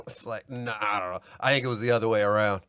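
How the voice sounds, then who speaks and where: A man co-hosting a podcast, telling a story in casual chat and acting out yelled quotes with lots of laughter. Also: lowish voice, steady tone, quick pace, clear, resonant tone, no echo, studio quality. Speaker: podcast co-host.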